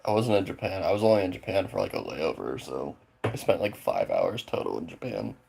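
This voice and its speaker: A man's voice: deep voice, sing-song, brisk, creaky, darkish tone, a little hiss or hum. A man from the US Pacific Northwest chatting casually with viewers, rambling and swearing freely, his sentences full of fillers. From Spokane, Washington, USA. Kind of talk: casual chat.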